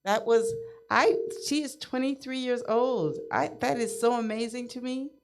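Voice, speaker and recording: A woman's voice: on the high side, normal speed, music in the background. Upbeat woman radio host. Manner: upbeat, affirming, chatty. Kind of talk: casual call-in interview.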